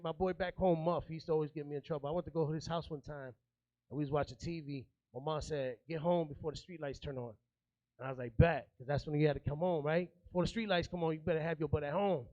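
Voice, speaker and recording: A man's voice: fairly high pitch, no room sound, muffled recording. A man from New York in his thirties doing a stand-up comedy set, streetwise and chatty, working the crowd.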